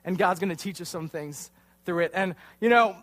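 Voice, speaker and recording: Young man, high voice, youth pastor, casual sermon, self-deprecating storyteller. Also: moderate pace, a bit bright. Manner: chatty and self-deprecating, acts out quotes. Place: church youth room.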